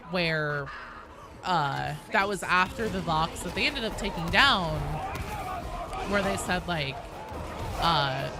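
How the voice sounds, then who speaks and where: A gaming streamer chatting casually with viewers, reading chat aloud and deliberately speaking higher to avoid vocal fry. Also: noisy background. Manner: chatty, reads and answers chat; talks in a raised pitch on purpose to avoid vocal fry. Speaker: gaming livestream host.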